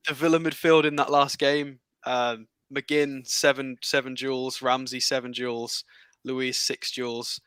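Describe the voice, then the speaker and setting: Brief: male stats analyst, careful and halting, bright sharp tone. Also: mid-range voice, little pitch movement, clear, resonant tone, no echo, rough recording. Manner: careful and halting, many fillers. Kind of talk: casual football analysis chat.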